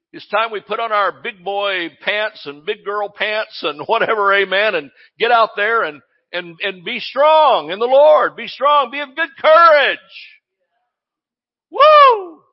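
A male pastor preaching a sermon in an animated, exclamatory way, often laughing as he speaks. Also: high-pitched, lo-fi sound.

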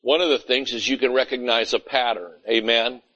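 A man's voice: mid-range voice, steady tone, fairly quick, pushed and bright, muffled recording. A man preaching a conversational sermon, often asking "Amen?" and acting out little scenes of everyday talk. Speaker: pastor.

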